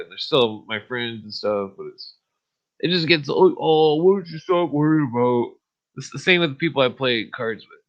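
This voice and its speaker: A man rants through a rambling podcast monologue, swearing freely and breaking into short chuckles between his fillers. His voice is bright and tense, sitting at an ordinary pitch. The recording sounds dull and lo-fi. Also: creaky. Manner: profane, ranting, with frequent fillers and chuckles. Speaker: podcast host. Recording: dull lo-fi audio.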